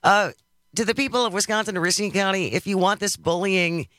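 A man's voice: high-pitched, fairly quick, sharp tone, no room sound. A man hosting a political talk radio show, wry in tone, reading out quotes and leading into the breaks. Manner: wry, reads out quotes, smooth segues. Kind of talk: casual political radio chat.

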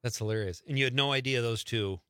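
A man's voice: medium pitch, fast talker, a bit bright, clean tone, dry recording. A man hosting a radio show, chatting loosely and joking with a guest in the studio. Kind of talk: casual radio talk. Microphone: studio microphone.

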